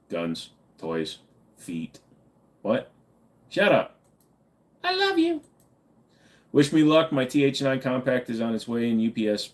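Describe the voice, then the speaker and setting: A man hosting a casual livestream, reading viewers' chat aloud and answering with loose, joking, profane banter. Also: medium pitch. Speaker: livestream host.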